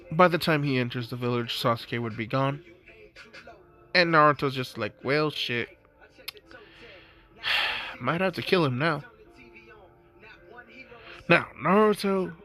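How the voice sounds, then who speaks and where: A man's voice: medium pitch, a bit bright. A young man casually narrating an improvised fan story, rambling with restarts, over faint music.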